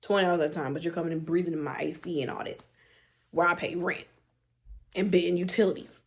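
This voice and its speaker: A young adult woman telling a storytime vlog in an animated, slangy, exasperated way. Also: lowish voice, fast talker, gravelly. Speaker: vlogger.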